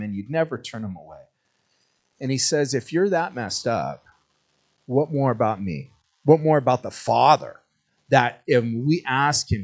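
A man preaching a sermon to his church in a relaxed, joking way. His voice sits mid-pitch, and he slips into playful little voices when he tells a story before turning earnest in prayer. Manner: jokey storytelling, acts out voices. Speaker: pastor. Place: church sanctuary.

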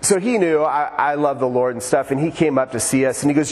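Speaking fairly quickly with hardly any pauses, an older pastor preaches at a church in Oregon, his voice a little high and slightly mellow in a big-room sound. He's conversational and tells stories, joking with the congregation.

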